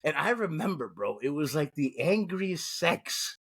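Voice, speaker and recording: A man's voice: a little high, measured pace, breathy edge. A man in his forties co-hosting a podcast, telling crude stories with lots of laughter and swearing. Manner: animated, laughing, profane storytelling. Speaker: podcast co-host. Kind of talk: casual podcast chat.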